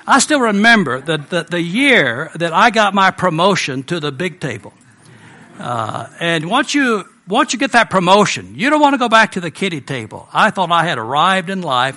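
An American man preaching a sermon in a relaxed, conversational storytelling manner with personal asides. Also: fairly high pitch. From United States.

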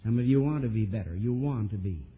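A man preaching a sermon, telling a story and swinging from soft, low asides to emphatic, raised lines. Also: lively intonation, fast talker, breathy edge. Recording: old tinny lo-fi sermon tape.

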